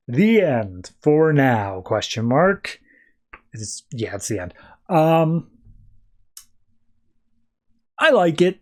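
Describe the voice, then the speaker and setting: A man's voice: a little high, big pitch swings, slow, a little mellow. A man hosting a podcast, chatting casually and animatedly as he recaps and reviews comics. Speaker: podcast host.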